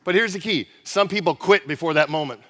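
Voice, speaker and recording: High-voiced, punchy motivational speaker man. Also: a little fast, sharp tone. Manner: punchy, repetitive, asks the crowd questions. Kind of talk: high-energy keynote speech to a live audience. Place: large conference room with an audience. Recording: reverberant conference hall.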